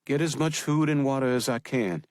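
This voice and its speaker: A man's voice: mid-range voice, normal speed, darkish tone, dry recording, studio quality, pitched above the performer's own voice, lightly acted. A man voicing a worried adult sister in an audiobook, anxious and defensive.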